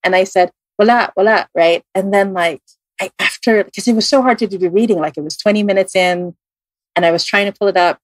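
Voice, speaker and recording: A woman's voice: brisk, no echo. A woman with a Filipino accent, a tarot reader guest on a podcast, telling a story casually with lots of fillers and restarts, and acting out the voices she quotes. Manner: animated, acts out quoted voices with big jumps in pitch.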